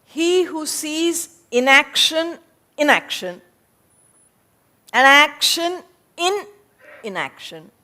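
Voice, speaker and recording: A woman lecturing as a spiritual teacher, taking her time over each point. Her voice sits fairly high, and she lays out each idea step by step. The pace stays unhurried throughout. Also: big pitch swings, sharp tone. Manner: deliberate, explanatory, breaks ideas into points. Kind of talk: lecture on scripture. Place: lecture hall before an audience.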